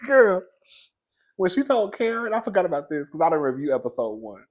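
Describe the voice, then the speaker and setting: A man giving casual, sassy commentary on a reality TV episode, chatty and quick to laugh. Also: high-pitched, very animated. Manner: sassy, chatty, laughs often, calls viewers "girl" and "baby". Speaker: reality TV reviewer.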